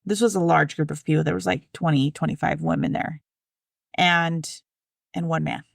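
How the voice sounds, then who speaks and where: A woman hosting a spiritual podcast, telling her story in a lively, step-by-step way. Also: low voice, normal speed, creaky, dry recording, clean studio sound. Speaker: podcast host. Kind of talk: casual spiritual conversation.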